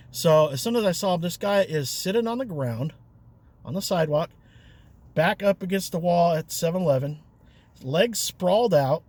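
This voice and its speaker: A man with a voice a touch higher than most tells a rideshare story in an easygoing, rambling way. He leans on fillers and small chuckles as he goes. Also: a little mellow. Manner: chatty, loose, with fillers and chuckles. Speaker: rideshare driver and vlogger. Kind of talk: casual storytelling.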